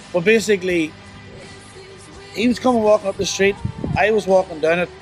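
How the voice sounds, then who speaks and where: A young man tells a painful story of remorse, his voice sitting fairly high. He stumbles and restarts, leaning on fillers as he goes. Faint music plays under him. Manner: halting, full of "you know" and restarts; remorseful, low and subdued. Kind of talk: personal confession interview.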